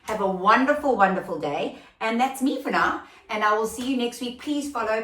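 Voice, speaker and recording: A woman's voice: a little high, normal speed, hardly any pauses, roomy sound, recorded from a distance. A woman hosting a casual solo podcast, chatty and rambling with many fillers and restarts, recorded without proper podcast gear. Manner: grows emotional and excitable near the end. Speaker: podcast host and recruitment company founder. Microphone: no proper podcast mic, recorded without studio gear.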